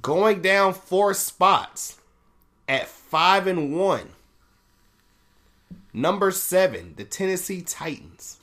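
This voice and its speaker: Guy reading out rankings slow and easy, bright tone, pitch jumping all over. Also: expressive. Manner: reads list out, laughs and swears at results. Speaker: podcast host. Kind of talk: casual sports rankings rundown.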